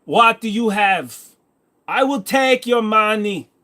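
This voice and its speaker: A swaggering Russian gangster boss, put on by a man, drawing out each word with theatrical menace. His voice rides high and loud in a heavy put-on Russian accent. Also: expressive, full character voice. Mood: gloating. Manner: slow, drawn-out, theatrical menace. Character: boastful Russian mob boss, middle-aged man.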